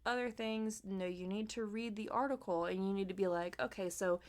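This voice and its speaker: A young adult woman co-hosting a podcast in casual chat, telling stories and acting out quotes with lively shifts. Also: brisk. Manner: animated storyteller, acts out quotes in a high voice. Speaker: podcast co-host.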